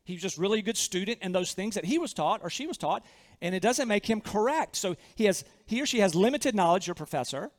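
A man's voice: high-pitched, expressive, a little fast, big-room sound. A man with a Southern accent preaching a sermon as pastor, earnest and emphatic, often repeating his phrases.

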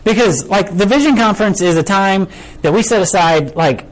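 A man's voice: high voice, lively intonation, moderate pace, rough recording. A man preaching a casual sermon, conversational and full of rhetorical questions. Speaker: pastor.

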